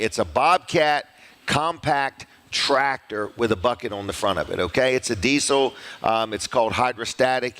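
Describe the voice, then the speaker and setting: Middle-aged man, local show host, folksy and rambling, mid-pitched voice, casual ad reads. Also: a bit bright. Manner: folksy, rambling, repeats phone numbers slowly.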